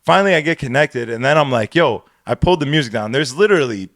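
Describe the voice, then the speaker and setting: A man co-hosting a podcast, telling a profane, animated story in casual chat. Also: medium pitch, quick pace, no room sound, clean studio sound. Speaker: podcast co-host.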